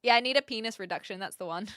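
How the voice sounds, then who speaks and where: A woman's voice: fairly high pitch, quick pace, a bit bright, no echo, studio quality. A woman with a light New Zealand accent, chatting casually with her live chat from her home streaming room into a stand mic, giggly and self-mocking. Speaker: Twitch streamer.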